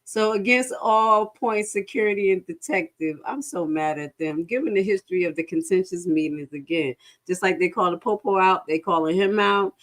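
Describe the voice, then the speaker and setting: A woman casually commenting live as she reads through a lawsuit, frank and animated, speaking straight to her viewers and swearing freely. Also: normal speed. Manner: animated, swings into high-pitched laughing outbursts and back to low reading.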